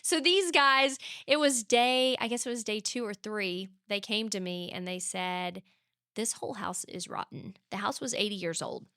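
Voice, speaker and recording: This is a woman guest recounting her stories in an interview with an animated, expressive delivery. Her voice is bright and forceful. She is recorded close to the mic in a dry room. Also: medium pitch, moderate pace, dry recording. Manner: animated storyteller acting out quoted voices. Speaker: guest author. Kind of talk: conversational storytelling interview.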